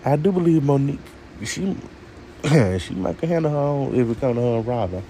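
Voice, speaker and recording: A man's voice: medium pitch, lively intonation, a little fast, dark tone, a little hiss or hum. A man reviewing a TV show in a sassy, opinionated rant, talking straight to his viewers.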